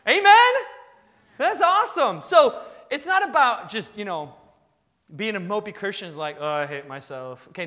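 A man preaching a sermon as pastor, swinging between loud bursts and quiet asides. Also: sits high. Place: church sanctuary. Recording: long reverb of a large hall.

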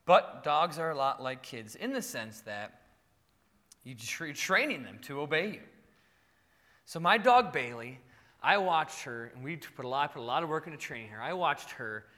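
Animated high-voiced male preacher. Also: normal speed, long reverb tail. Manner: animated, playful storytelling. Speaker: pastor. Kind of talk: sermon.

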